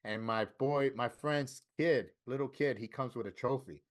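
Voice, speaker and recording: A man from Florida telling a story in casual interview talk, animated and profane, acting out what other people said. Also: mid-range voice, normal speed. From Florida, USA. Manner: animated, profane, acts out quoted voices. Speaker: interview guest, tattoo artist.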